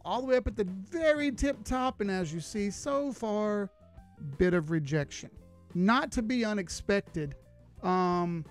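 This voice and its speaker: A man giving live chart analysis on a stream, talking casually and greeting viewers as he goes. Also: high-pitched. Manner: casual, folksy, chats with viewers while reading charts.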